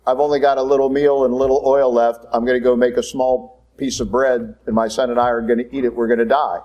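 A man's voice: medium pitch, level tone, fast talker, dark tone, lo-fi sound, close to an everyday voice. Give me a man playing a resigned, desperate widow in a plain voice.

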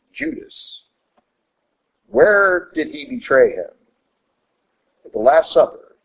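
A man's voice: medium pitch, vocal fry, rough recording. A man giving a Catholic teaching talk in an emphatic, repetitive way, acting out the quotes he cites. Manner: emphatic, repeats points, acts out quotes. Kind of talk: sermon.

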